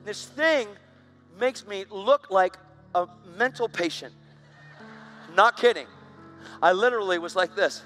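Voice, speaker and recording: A male preacher with a notably high, bright and forceful voice delivers a live sermon to a church congregation. He talks in an earnest, emphatic and intense way, driving each point home. Faint music plays behind him. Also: lively intonation, unhurried, pauses often. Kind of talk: live sermon with dramatic storytelling. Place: church service on stage.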